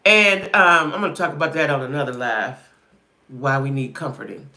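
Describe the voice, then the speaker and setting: Animated, emphatic woman live-streaming. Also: sits low, normal speed. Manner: emphatic, repeats herself, reads comments aloud. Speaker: livestream host. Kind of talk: casual live-stream chat with viewers.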